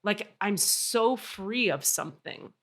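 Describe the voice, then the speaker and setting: A woman hosting a podcast tells a story in a lively, casual way and swears without holding back. Her voice is bright and forward, sitting at an ordinary middle pitch for a woman. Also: slow. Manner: animated, swears freely. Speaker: podcast host.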